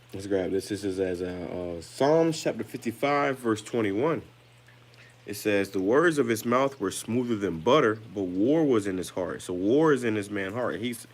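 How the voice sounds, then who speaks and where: A man with a fairly low voice delivers street-casual preaching commentary. He talks loosely in slang, stumbling over and repeating words as he goes. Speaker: online religious commentator.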